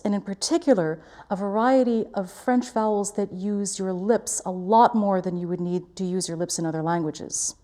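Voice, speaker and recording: Mellow-voiced woman teaching diction. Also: medium pitch. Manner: clear, careful articulation, demonstrating vowels. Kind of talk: diction lesson.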